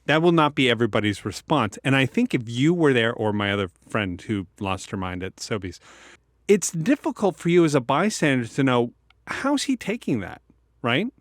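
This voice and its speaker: A man's voice: mid-range voice, moderate pace, no echo, studio quality. Canadian man with a stutter, telling stories. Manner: stutters and repeats sounds from Tourette's; animated, acts out voices in stories. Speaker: podcast co-host. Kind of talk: personal storytelling in casual chat.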